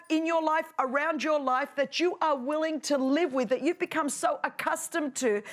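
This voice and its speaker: A middle-aged woman preaching to a live audience, playful and animated, acting out little voices as she speaks. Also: sits high. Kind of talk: sermon. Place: stage before a live audience.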